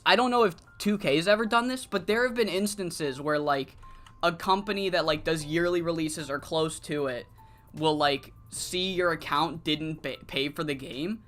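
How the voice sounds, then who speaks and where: A streamer giving casual, rambling commentary while playing a wrestling management game, cursing freely and breaking into excited rants. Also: mid-range voice.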